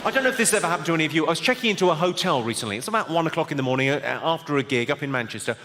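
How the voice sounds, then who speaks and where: A man doing stand-up in a large theatre before a live audience, telling jokes in a brisk, mock-innocent way. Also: on the high side, animated. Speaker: stand-up comedian. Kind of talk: live stand-up one-liners. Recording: loud crowd noise with long hall reverb.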